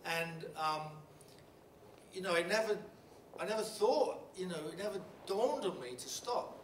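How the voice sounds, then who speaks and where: A middle-aged Englishman speaks at a panel talk, telling a story in a halting, blunt way with many restarts and fillers. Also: high-pitched. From England. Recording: roomy hall from a distant mic with background noise.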